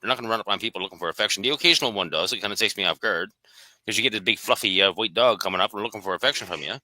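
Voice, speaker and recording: A man chatting casually about dog breeds in a quick, matter-of-fact way. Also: on the low side, pushed and bright, dry recording, poor audio. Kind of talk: casual conversation.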